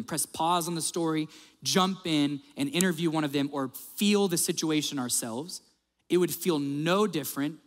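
Animated male pastor in a reverberant hall. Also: fairly high pitch. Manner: animated storyteller, acts out quotes. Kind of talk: sermon.

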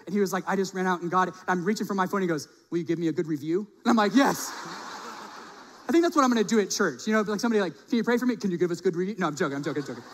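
A middle-aged male pastor telling a personal story in a sermon, animated, acting out the people he quotes. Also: sits high. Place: church sanctuary. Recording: long reverb of a large hall.

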